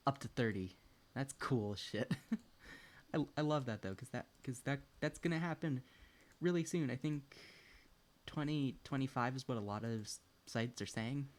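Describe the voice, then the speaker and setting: Young male streamer, loose and rambly, curses freely, chats to his pet and his viewers. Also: medium pitch. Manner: rambling, swears often, laughs between thoughts; talks to a pet and chat while playing. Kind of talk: casual gaming chat.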